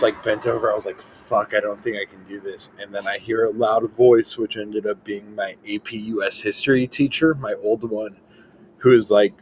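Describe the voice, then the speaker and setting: A young man hosting a podcast, telling a long story in casual chat, full of "like" fillers and animated quotes. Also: on the low side, slight background noise, poor audio. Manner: rambling, lots of "like" fillers, animated quoting. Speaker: podcast host.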